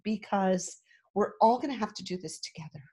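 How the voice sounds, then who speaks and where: A middle-aged woman, a restaurant owner guesting on a podcast, talking earnestly and emotionally in quick bursts. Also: mid-range voice, animated, warm tone. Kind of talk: podcast interview.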